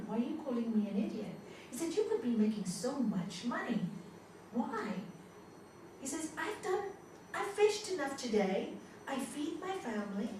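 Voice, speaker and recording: A woman yoga teacher giving a spiritual talk to a class, telling stories in an animated way and laughing often. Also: fairly high pitch, slight background noise. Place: large hall. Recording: echoey hall from far off.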